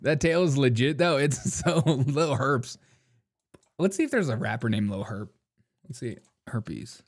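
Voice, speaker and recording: A man's voice: mid-range voice, expressive, measured pace. A man hosting a live commentary show, talking casually in a mocking way, laughing often and saying "dude". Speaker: host.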